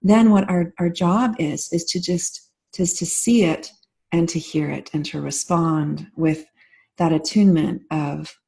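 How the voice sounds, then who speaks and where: A woman guest in an interview, speaking gently and reflectively with many restarts and soft fillers, slowing down when she voices tender inner thoughts. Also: fairly low pitch, steady tone, vocal fry.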